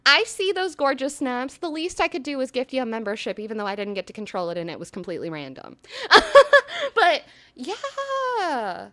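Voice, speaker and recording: A young woman hosting a live stream, chatting casually and gushing effusively, swinging between loud excitement and soft earnest talk. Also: on the high side, fast talker. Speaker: livestream host.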